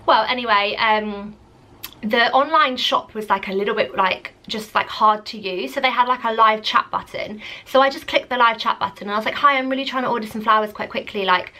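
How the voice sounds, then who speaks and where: A woman's voice: on the high side, brisk. A young woman, chatting casually as she tells a story to camera, saying "like" constantly. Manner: chatty, animated, lots of "like". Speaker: vlogger.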